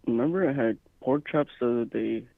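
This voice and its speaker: A man's voice: mid-range voice, a little fast, creaky, narrow, tinny audio. A man co-hosting a podcast in easygoing casual chat, joking and laughing at himself. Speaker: podcast co-host.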